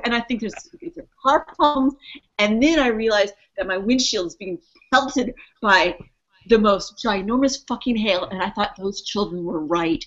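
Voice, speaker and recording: Animated storytelling woman, lo-fi sound. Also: medium pitch, moderate pace. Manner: animated, swearing, laughs through the story. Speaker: podcast co-host. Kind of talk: casual storytelling chat. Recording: muffled lo-fi audio.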